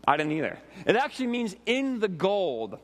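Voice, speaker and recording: A man in his forties preaching a sermon with animated, conversational storytelling and frequent asides to the congregation. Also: high voice, moderate pace, big-room sound. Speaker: pastor.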